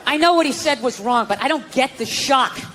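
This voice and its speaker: American man, stand-up comedian, exasperated profane rant, high-pitched, noisy live recording. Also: lively intonation, brisk, pushed and bright, long reverb tail, some chatter behind. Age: middle-aged. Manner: profane, exasperated ranting with acted-out quotes.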